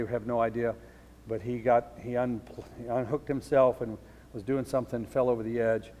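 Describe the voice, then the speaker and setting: Preaching in a large hall, a middle-aged pastor recounts a story with earnestness, growing quiet and low whenever it turns sad.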